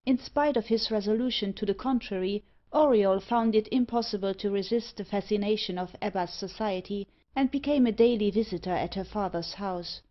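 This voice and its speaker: A woman narrating an audiobook in a steady, even reading voice. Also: medium pitch. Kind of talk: scripted narration. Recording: slightly dull audio.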